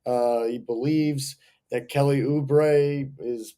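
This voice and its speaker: A man's voice: medium pitch, steady tone, slow pace, warm tone, clean tone. A young man, co-hosting a casual sports podcast and ranting like a heated fan. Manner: rambling, heated fan rants. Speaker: podcast co-host.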